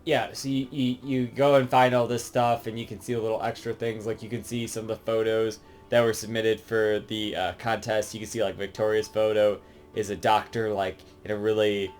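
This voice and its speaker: A man's voice: lowish voice, little pitch movement, moderate pace, faint music behind, poor audio. Rambling man reviewing a game. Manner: rambling, lots of filler and swearing. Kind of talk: casual game review commentary.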